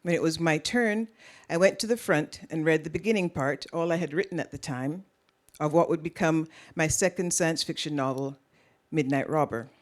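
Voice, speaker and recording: Jamaican woman with a mild Caribbean accent. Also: deep voice. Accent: Caribbean, tempered by years in Canada. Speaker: author giving a keynote talk. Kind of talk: prepared lecture. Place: lecture hall at a public event.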